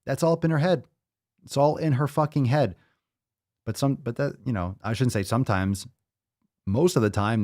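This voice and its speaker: A man's voice: fairly low pitch, darkish tone. A man hosting a fitness podcast, reading listener messages aloud and breaking in with profane, joking asides. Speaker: podcast host.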